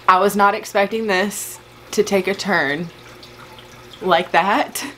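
A woman's voice: medium pitch, steady tone, slow pace, a bit bright, a little hiss or hum, rough recording. A woman vlogging a plant unboxing, gushing and overwhelmed with emotion as she talks to her viewers. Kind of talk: casual unboxing vlog.

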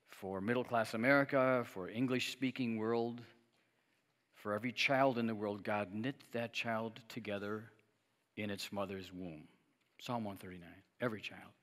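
Middle-aged male pastor, lowish voice, chatty sermon delivery with audience call-and-response, church hall echo. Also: fairly bright tone. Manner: conversational, asks the congregation to respond and repeat; joking asides with light laughs. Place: church sanctuary. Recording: long reverb of a church hall.

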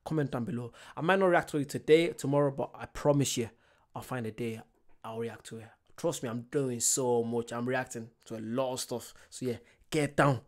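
A man's voice: mid-range voice, brisk. A man chatting casually as he reacts to a comedy clip, apologetic and enthusiastic. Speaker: reaction video host.

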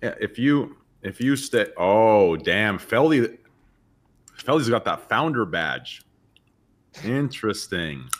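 A man's voice: lowish voice, expressive, takes it slowly. A young man joking crudely in a laid-back way during a casual stream chat. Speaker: streamer friend.

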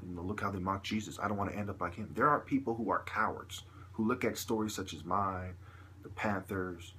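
A man's voice: low voice, fairly bright tone, slight background noise. A man delivering a long, agitated, profane vlog monologue to camera, peppered with "you know.". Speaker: video blogger.

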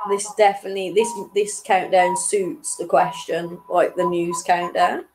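A woman's voice: on the low side, flat delivery, a little slow, noisy background. A young woman hosting an online quiz in a chatty, giggly way, reading each question twice and tripping over her words. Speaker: quiz host.

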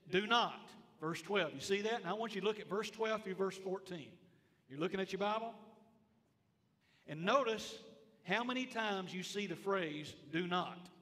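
Preaching from the pulpit of a church sanctuary, a pastor speaks in a high, bright voice, with a long reverb filling the hall. He's emphatic, hammering points home by repeating phrases and putting questions to the congregation.

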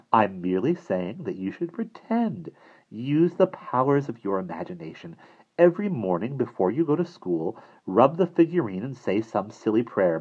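A man voicing a small, soft-spoken, persuasive older man who talks in a purring, coaxing way. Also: slightly rough, highs cut off. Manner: purring, coaxing, high and animated.

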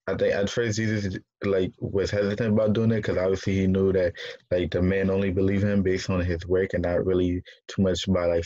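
A man's voice: low voice, dark tone, no room sound, dull audio. A young man casually retelling a Bible passage in a rambling, slangy way. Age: young adult. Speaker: young Bible study participant.

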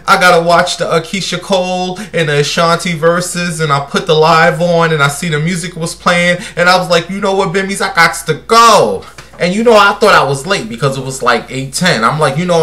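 A sassy man in a casual gossip livestream, his voice sitting a little higher than most men's. He talks brashly and directly to his viewers, full of attitude. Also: bright, forceful tone. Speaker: livestream host.

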